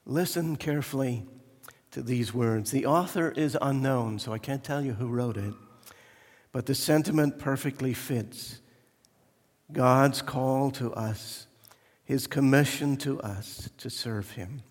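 A man preaching a slow, earnest sermon in a church, pleading with his listeners. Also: medium pitch. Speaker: pastor. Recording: echoey church hall.

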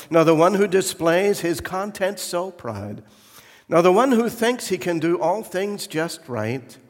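A preacher speaking as a tender master. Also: male voice, fairly high pitch. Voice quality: tender, warm. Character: gentle kindly master choosing a broken clay vessel. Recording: echoey church hall.

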